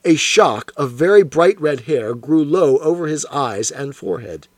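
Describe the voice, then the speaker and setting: A man narrating a story in a measured, expressive way. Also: on the high side, dry recording. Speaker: audiobook narrator.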